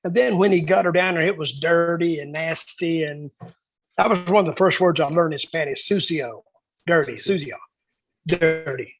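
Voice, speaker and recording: A man's voice: a little high, normal speed, dry recording, poor audio. A man in a casual interview, telling rambling backstage stories and acting out the lines of the people in them. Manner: rambling storyteller who acts out quoted dialogue. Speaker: guest storyteller.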